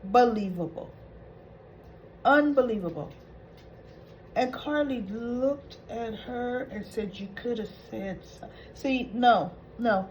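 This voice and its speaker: A woman's voice: a little high, slow pace, a little mellow, muffled recording, a little hiss or hum. A woman hosting a soap opera recap, retelling scenes in a chatty, opinionated way.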